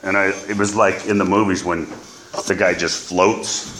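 A middle-aged man in recovery, telling an emotional personal story in a halting way with many fillers. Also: low voice, steady tone, a bit bright, slight background noise. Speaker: recovery speaker. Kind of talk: personal testimony.

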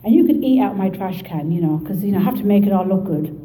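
A woman with an Irish Midlands accent telling her story at a recovery meeting, lively and joking. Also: medium pitch, fast talker, reverberant, low-quality recording. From Ireland. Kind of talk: personal testimony to an audience.

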